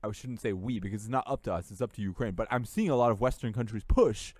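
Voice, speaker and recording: A man's voice: lowish voice, lively intonation, fast talker, darkish tone, no echo. A man co-hosting a casual podcast chat from a room at home, blunt and profane, heating up as he rants. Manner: blunt, profane, heats up when ranting. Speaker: podcast co-host.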